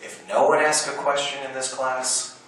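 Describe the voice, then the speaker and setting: Middle-aged man, convention panel guest, lively anecdotal storytelling, quotes others and laughs often, distant mic, echoey hall, background noise. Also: mid-range voice, moderate pace. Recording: roomy hall recording from far off with noise.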